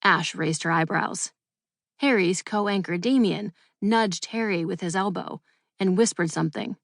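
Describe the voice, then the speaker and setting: A woman's voice: mid-range voice, unhurried, creaky, no room sound, clean studio sound. Woman narrating a children's book. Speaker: audiobook narrator. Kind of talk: scripted storybook narration.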